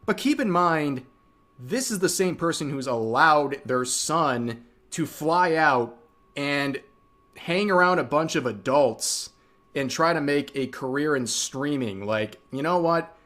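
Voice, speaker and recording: A man's voice: fairly high pitch, animated, slow pace, a bit bright. A male commentary host with a slightly raised voice, narrating streamer clips. His delivery is dry and sarcastic.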